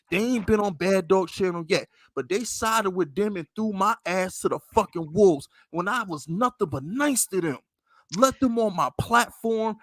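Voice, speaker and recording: Podcast host, a New York man with a high voice, emphatic and heated, delivered dry with no room echo. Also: a bit bright. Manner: heated, profane, emphatic venting. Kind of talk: casual sports podcast rant.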